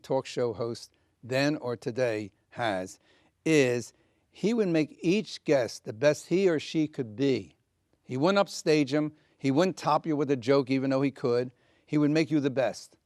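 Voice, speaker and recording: An older man recalls his years in comedy with earnest warmth, acting out the voices of the people in his stories. His voice sits a little high, and the recording is dry and close with no room sound. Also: dry recording. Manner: earnest storyteller with quoted dialogue. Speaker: comedian guest. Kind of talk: interview reminiscence.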